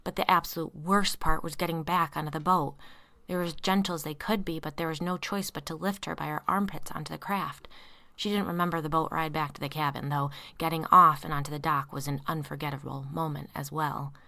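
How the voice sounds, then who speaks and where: Low-voiced woman reading a story. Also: fairly even intonation, brisk, vocal fry. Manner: voices tense dialogue in hushed whispers. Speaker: audiobook narrator. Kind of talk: scripted narration.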